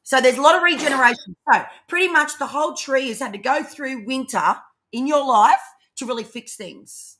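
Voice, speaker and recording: A woman doing a live tarot reading, talking fast and rambling, swearing freely as she goes. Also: high-pitched, fairly bright tone, slight background noise. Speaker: tarot reader co-host.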